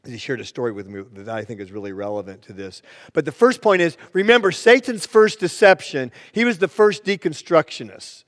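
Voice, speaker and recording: A man preaching from the pulpit with a notably high voice. His sermon rings through a church sanctuary with a long reverb tail, and he moves easily into storytelling, acting out the people in his stories. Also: expressive, brisk. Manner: storytelling, plays the joke with voices. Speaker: pastor.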